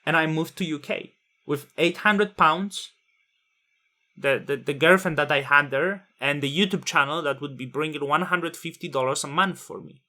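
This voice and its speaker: A man's voice: fairly high pitch, moderate pace, sharp tone. A man in his thirties, not a native English speaker, telling a personal story in a candid, blunt way, with swearing and frequent restarts.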